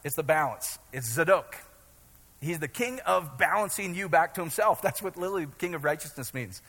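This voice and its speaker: A man's voice: fairly high pitch, animated, fairly quick, sharp tone, breathy edge. A middle-aged man from Iowa preaching a casual, joking sermon, often asking his congregation if they follow him. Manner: joking, chatty, keeps checking in with the audience. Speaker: pastor. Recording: long hall reverb.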